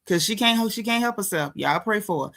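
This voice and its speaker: A woman's voice: mid-range voice, expressive, brisk, vocal fry. Chatty woman greeting her live-stream viewers. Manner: chatty, slangy, shouting out names from the chat. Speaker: host of a celebrity gossip live stream.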